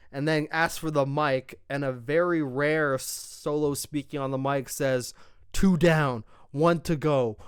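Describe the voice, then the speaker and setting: A young man giving a casual, profane, excited recap of a wrestling show as its reviewer. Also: mid-range voice, clean tone, no room sound, clean studio sound.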